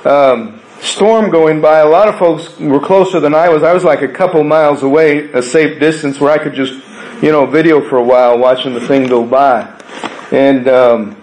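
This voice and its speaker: A man preaching a sermon in a conversational way, asking rhetorical questions and swinging between raised emphatic lines and hushed low ones. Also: slight background noise, low-quality recording. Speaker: pastor.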